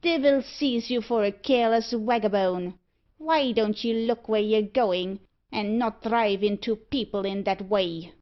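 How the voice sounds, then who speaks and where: A woman's voice: mid-range voice, unhurried, muffled recording, lightly acted. A woman reading aloud, voicing an angry Irish street apple seller who scolds with an Irish accent. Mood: furious.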